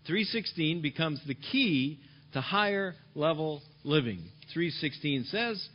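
Speaking at a slow pace with a fairly high pitch and big swings in intonation, this male pastor preaches forcefully, repeating key phrases and occasionally going soft. The recording is dull and lo-fi.

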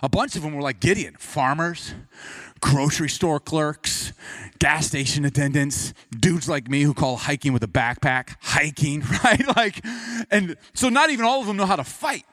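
A man preaching a sermon, telling the story with animation and dropping to quiet intensity. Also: fairly high pitch, normal speed.

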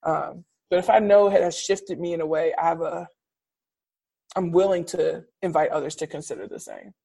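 A woman preacher and teacher reflecting candidly in conversation, animated and expressive, laughing often. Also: fairly low pitch, normal speed, creaky, slightly rough.

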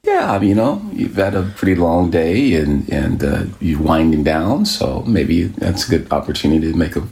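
A man with a very deep voice, relaxed and laid-back in casual chat as a guest. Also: normal speed, vocal fry.

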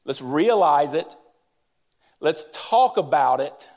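A man's voice: fairly high pitch, lively intonation, slow, vocal fry, darkish tone. A man preaching a sermon in church, talking directly and conversationally to his congregation as their pastor. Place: church sanctuary during service.

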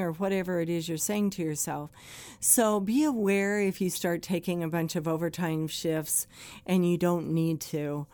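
A woman's voice: lowish voice, mellow, clear, resonant tone, dry recording. A woman hosting a podcast for first responders, giving plainspoken advice in a conversational way and acting out quoted complaints.

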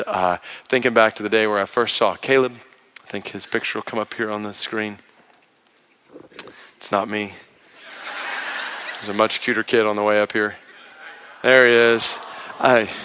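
A middle-aged man preaching a sermon, mixing scripture reading with a humorous personal story told in an animated way. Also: on the high side, clean tone. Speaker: pastor.

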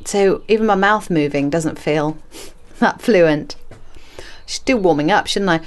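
A woman's voice: on the low side, measured pace. A woman hosting a gardening podcast from her greenhouse, chatty and self-mocking with playful asides. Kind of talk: casual gardening podcast chat. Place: garden and small greenhouse, outdoors.

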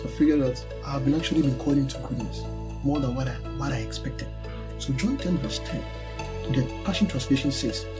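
A man preaching a sermon to a congregation, emphatic and repetitive, leading a prayer line by line. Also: mid-range voice. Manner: emphatic, repeats key words, leads a prayer line by line. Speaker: pastor.

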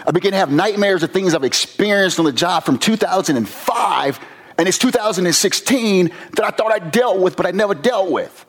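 A man from Virginia, a former police officer, giving an earnest, emotional personal testimony with slow pauses. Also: high voice, expressive. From Virginia, USA.

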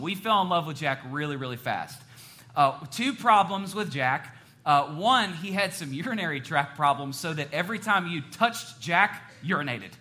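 A middle-aged man preaching a sermon as a pastor, telling stories in an animated way and joking with the audience. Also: on the high side.

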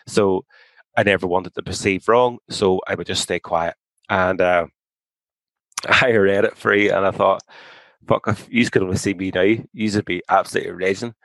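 Blunt, low-voiced man, outspoken guest. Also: a bit bright, no echo, rough recording. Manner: blunt and outspoken, swears freely. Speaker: podcast guest. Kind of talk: candid conversation.

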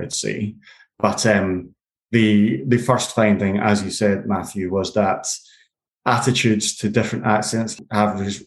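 A man with an Edinburgh Scottish accent, a lawyer and podcast guest, answering in a halting way and repeating words as he thinks aloud. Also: on the low side, echoey room, rough recording. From Scotland. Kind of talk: conversational interview answers.

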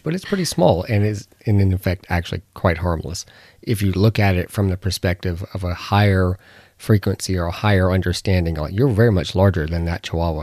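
A man co-hosts a spiritual podcast in a low, mellow voice. He speaks calmly and explains ideas through easy everyday comparisons. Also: dry recording. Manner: calm, explains with simple comparisons. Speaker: podcast co-host, Reiki teacher. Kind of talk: casual spiritual podcast talk.

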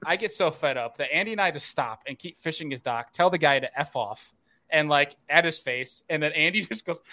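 A man in casual chat, telling a fishing story in an animated way and laughing often. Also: fairly high pitch, brisk.

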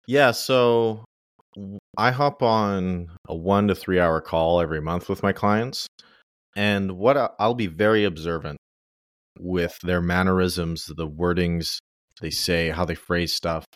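Deep-voiced young man explaining casually. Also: measured pace, no room sound, studio quality. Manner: relaxed, explanatory, speaks in loose casual phrasing. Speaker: ghostwriter guest. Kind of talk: casual podcast interview.

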